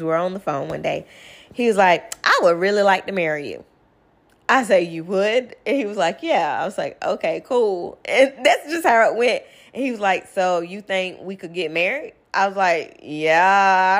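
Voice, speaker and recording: A young woman, chatting casually at home as she tells a personal story and quotes people's lines. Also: medium pitch. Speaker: vlogger. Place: home living room.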